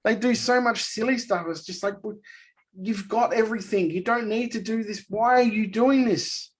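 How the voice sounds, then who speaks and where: A man with a fairly high voice rants on a casual podcast, animated and exasperated as he talks. He co-hosts the show and keeps the chat loose. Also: normal speed. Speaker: podcast co-host.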